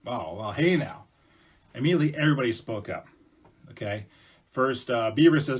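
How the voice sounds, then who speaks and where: A man's voice: mid-range voice, expressive, normal speed, pauses often, husky. A man telling traditional stories to students in a chatty, casual way with asides and fillers. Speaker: storyteller presenting to schools. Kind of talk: casual oral storytelling.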